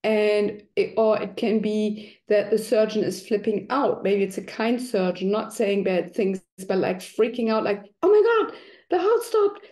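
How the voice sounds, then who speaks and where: A woman's voice: mid-range voice, little pitch movement, unhurried, few pauses, mellow. A middle-aged woman talking conversationally, now and then acting out quoted voices. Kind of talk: explanatory talk.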